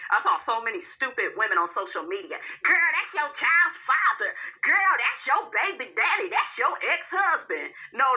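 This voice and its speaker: A woman hosting a reality TV recap, sassy and animated, calling her listeners honey and girl. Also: medium pitch, dull audio. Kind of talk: casual recap commentary.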